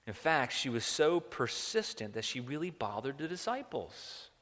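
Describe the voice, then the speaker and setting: A man's voice: medium pitch, sing-song, moderate pace, a bit bright. A man preaching a sermon as a pastor, talking conversationally and acting out quotes. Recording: long hall reverb.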